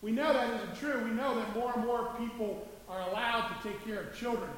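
A man's voice: extremely high pitch, fairly even intonation, brisk, fairly bright tone. A man preaching a sermon in a conversational, humorous way, with many asides. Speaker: pastor. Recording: echoey hall from far off, faint hiss.

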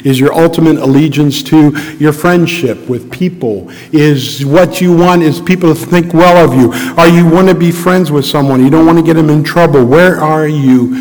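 A middle-aged man preaches in a sermon style, his voice sitting a little high for a man. He tells a story earnestly and reflectively, then moves into searching rhetorical questions. The sound carries the long reverb of a large church hall. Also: moderate pace, few pauses, darkish tone. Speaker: pastor.

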